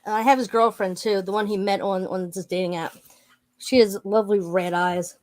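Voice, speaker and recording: A woman's voice: medium pitch, fairly even intonation, brisk. A woman talking as a guest in a casual chat, playful with dry humor and chuckles. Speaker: guest, reseller.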